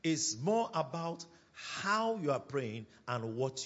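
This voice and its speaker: Man preaching slow, kinda husky, repeats his points, dull lo-fi church recording. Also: a little high, very animated, fairly bright tone. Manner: emphatic repetition, slow deliberate phrasing. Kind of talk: sermon.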